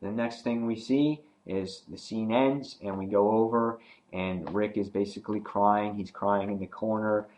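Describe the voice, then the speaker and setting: A man's voice: on the low side, fairly even intonation, unhurried, darkish tone, rough recording. Casual rambling male comic reviewer. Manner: rambling, with many fillers and restarts.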